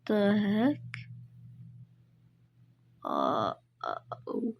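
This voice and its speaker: Slow-talking woman muttering over her work. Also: medium pitch, huge pitch swings, muffled recording, very noisy. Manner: muttering to herself, half-whispered counting. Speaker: animator. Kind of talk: casual commentary while working.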